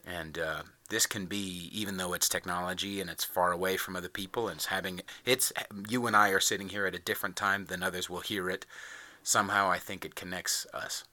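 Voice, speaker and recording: A man's voice: low voice, steady tone, fairly quick, few pauses, bright, forceful tone, dry recording. A man hosting a podcast in casual interview chat, earnest and laughing often, rambling with many restarts. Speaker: podcast host.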